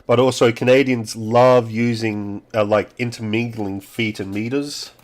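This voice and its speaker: A man's voice: mid-range voice, steady tone, measured pace. A middle-aged man from Australia chatting casually and muttering to himself while repairing a game console. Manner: mutters to himself and coaxes parts while soldering. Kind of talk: casual talk while working.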